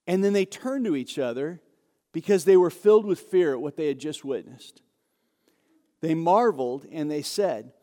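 A man preaching a sermon, telling the story in an animated, conversational way and acting out the dialogue. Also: high-pitched, normal speed. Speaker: pastor. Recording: long hall reverb.

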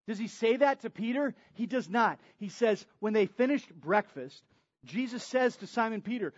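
A high-pitched man delivering a sermon as a pastor, swinging from loud, emphatic preaching to quiet, confiding asides. The recording is dry and a little dull, like a feed from a church sound system. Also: lively intonation, fairly quick, husky, dry recording. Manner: drops to soft confiding asides.

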